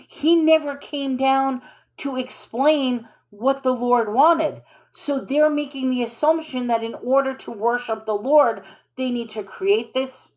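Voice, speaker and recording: A woman's voice: sits high, a little mellow. A woman reading scripture aloud and discussing it in a questioning, informal, think-aloud way. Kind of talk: casual bible reading and commentary.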